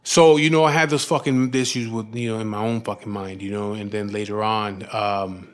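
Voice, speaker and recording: Low-voiced man telling a rough story. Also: fairly even intonation, moderate pace. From California. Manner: rough, profane, fills talk with "you know what I mean". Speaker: former prisoner telling his story. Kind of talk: candid personal storytelling.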